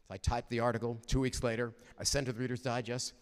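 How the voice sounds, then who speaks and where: An older man giving a heartfelt, storytelling chapel talk at a university, animated and prone to halting restarts. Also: mid-range voice. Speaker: guest chapel speaker. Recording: reverberant chapel hall.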